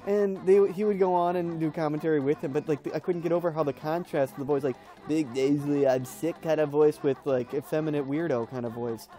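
A man's voice: on the high side, steady tone, quick pace, few pauses, mellow. A young man giving casual commentary over a game, rambling, swearing and yelping at what happens on screen. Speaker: gameplay commentator. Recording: faint music under the voice.

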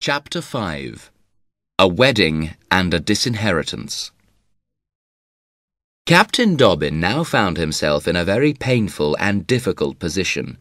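Deep-voiced male audiobook narrator. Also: dry recording, studio quality. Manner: measured, even storytelling.

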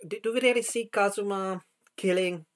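A man's voice: high voice, steady tone, moderate pace. Hesitant man asking questions. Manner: hesitant, stammers and restarts questions. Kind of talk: casual anime discussion.

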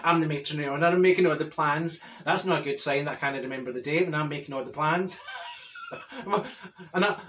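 A man's voice: fairly high pitch, a little fast, fairly bright tone, recorded from a distance, highs cut off, a little hiss or hum, close to an everyday voice. A man playing a chatty middle-aged Glaswegian woman with a Glaswegian Scottish accent, rambling through gossip full of asides and restarts in a comic monologue. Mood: gossipy chatter. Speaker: comedy character vlogger.

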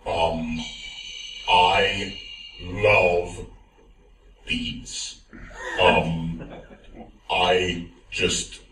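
A man playing a nervous masked supermarket manager making a dating video, halting and full of ums. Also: sits low, flat delivery, a bit bright, full character voice. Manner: halting, full of ums, gushing about beets. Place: large convention hall, played from a video. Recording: video played in echoey hall, far off.

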